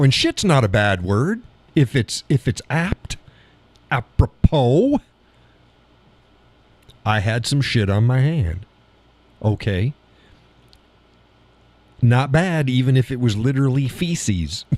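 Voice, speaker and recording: A middle-aged man hosts a live stream, reads out viewer comments and spins stories full of profanity and laughter. His pitch swings widely as he tells them. The sound is dry and close, with no room around it. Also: measured pace, long pauses, no echo. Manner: profane, laughs often, animated storytelling. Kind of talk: casual chat reading viewer comments.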